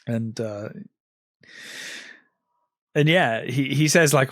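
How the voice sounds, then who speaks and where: A man's voice: mid-range voice, takes it slowly, long pauses, a bit bright, dry recording, studio quality. A man co-hosting a film podcast, casually retelling scenes with lots of fillers. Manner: retells scenes with acted quotes, many fillers. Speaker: podcast co-host.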